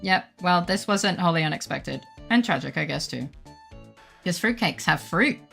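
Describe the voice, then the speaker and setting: A woman's voice: fairly low pitch, lively intonation, moderate pace, vocal fry, a bit bright, faint music behind. A woman streamer giving playful, sarcastic commentary on a game, cursing casually.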